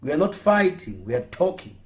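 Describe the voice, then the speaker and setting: A former pastor, speaking earnestly and repeating himself, stumbling over words when heated. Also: male voice, on the high side, big pitch swings, fairly quick. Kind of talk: impassioned spoken address.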